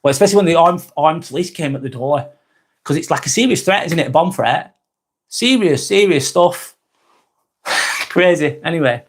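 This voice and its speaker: On a live stream, an English man with a Lancashire accent and a slightly sore throat chats casually, rambling and repeating himself as he reads out comments. His voice is fairly high and animated, at a moderate pace with frequent pauses.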